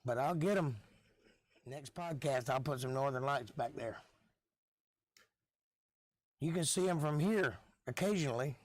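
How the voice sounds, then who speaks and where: Hoarse man rambling on a live stream. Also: mid-range voice, unhurried, pauses often, no room sound, studio quality. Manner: rambling, offhand, jokey. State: hoarse, coughing. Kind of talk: casual rambling chat.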